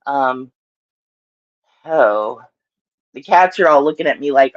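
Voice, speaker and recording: A woman's voice: extremely low pitch, lively intonation, slow pace, long pauses, highs cut off. Chatty Southern woman live-streaming. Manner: chatty and rambling, laughs often, Southern phrasing. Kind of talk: casual live-stream chat.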